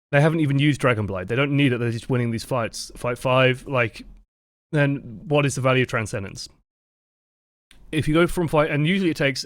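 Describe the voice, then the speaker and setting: A man's voice: medium pitch, dry recording, clean studio sound. A man commentating on gameplay footage as a coach, explaining step by step and answering his own rhetorical questions. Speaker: game coach reviewing footage.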